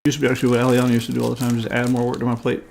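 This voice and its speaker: A man's voice: medium pitch, monotone, rapid-fire, gravelly, a little mellow, a little hiss or hum. A man in casual chat, explaining technical things in a matter-of-fact way and swearing freely. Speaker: plugin developer for a game server.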